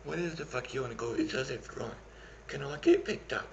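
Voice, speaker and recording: A man's voice: medium pitch, very animated, fairly quick, vocal fry, reverberant, lo-fi sound, a little hiss or hum. A man playing a drunk stranded guy who swears and demands a cab, calling everyone "mate", in a comedy sketch. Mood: belligerent. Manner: belligerent, swearing, says "mate" constantly.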